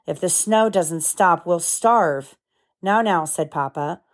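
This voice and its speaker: Mother reading a picture book aloud. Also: on the low side. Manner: pauses to explain the story to children in plain words. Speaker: mother reading to her children.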